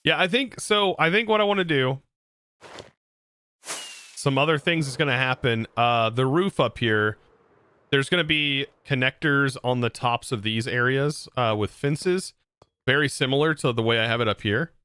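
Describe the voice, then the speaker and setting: A man streams a game and chats casually, rambling with frequent restarts and laughs. His medium-pitched voice is pushed and bright yet clean-toned, at a moderate pace with no room sound.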